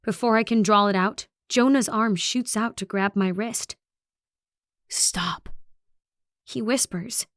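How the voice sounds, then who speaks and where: A woman's voice: medium pitch, steady tone, moderate pace, hardly any pauses, smooth, dry recording, clean studio sound. Woman narrating a tense horror audiobook. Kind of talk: first-person horror narration.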